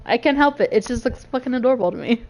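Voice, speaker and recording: A woman co-hosting a podcast, telling animated stories, swearing freely and laughing along. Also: a little high, fast talker. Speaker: podcast co-host. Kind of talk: casual storytelling chat.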